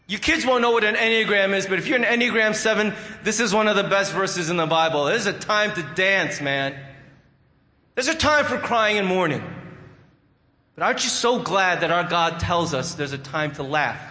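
Pastor, male, high and bright voice, emphatic preaching style with playful asides; echoey sanctuary with a long reverb tail. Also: lively intonation, normal speed. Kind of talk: sermon.

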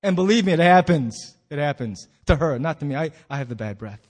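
A man's voice: fairly high pitch, lively intonation, brisk. A man preaching as a pastor in a church hall, telling a story with playful acted-out quotes. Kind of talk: sermon.

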